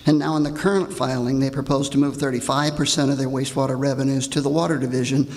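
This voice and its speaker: An older man with a gravelly voice, reading a pointed, indignant prepared comment at a public hearing. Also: mid-range voice. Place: large hall. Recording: reverberant hall.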